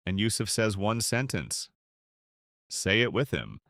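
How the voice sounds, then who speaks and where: Man, English teacher, very slow, animated pitch, clear pauses. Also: no room sound, clean studio sound. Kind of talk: slow scripted lesson for learners.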